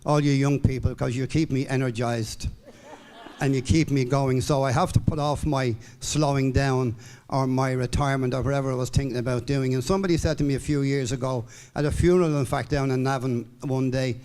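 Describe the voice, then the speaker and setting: A man's voice: medium pitch, steady tone, fairly quick, darkish tone. A man in his seventies from Ireland giving an upbeat, rambling speech to a room of fellow distributors, full of fillers and restarts. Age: 70s. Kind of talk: speech to a live audience. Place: hall with an audience.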